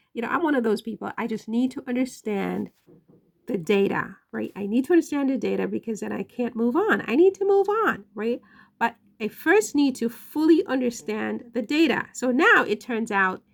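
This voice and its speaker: A woman's voice: on the high side, creaky. A woman giving casual online commentary, emphatic and questioning, often checking in with "right?".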